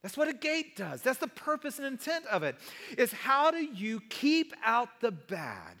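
A pastor preaching a sermon in a conversational way, often asking the congregation questions. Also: male voice, very high-pitched, huge pitch swings, a little slow, bright, forceful tone. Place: church sanctuary. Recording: long reverb of a large hall.

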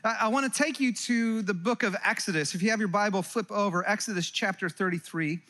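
A middle-aged man from California preaching a sermon to a live congregation, animated and joking, with quick asides to the listeners. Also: sits high. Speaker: pastor. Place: church hall before a live congregation.

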